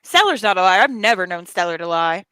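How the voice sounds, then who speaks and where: Outspoken woman on a stream panel, bright sharp voice, dry close sound, kinda high. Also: lively intonation, fast, clean tone, no echo, poor audio. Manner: outspoken and defiant, with swearing. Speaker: panel guest. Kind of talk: casual live stream chat.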